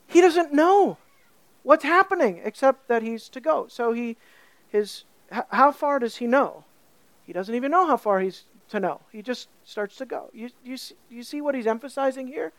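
A woman preaching a sermon, animated, asking her listeners questions and stretching key words slowly for emphasis. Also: a little high, dry recording.

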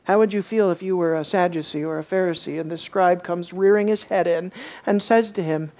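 A woman's voice: fairly low pitch, moderate pace. A woman teaching a bible study, asking her listeners questions and acting out the quoted lines. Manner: animated, asks the audience questions, acts out quotes.

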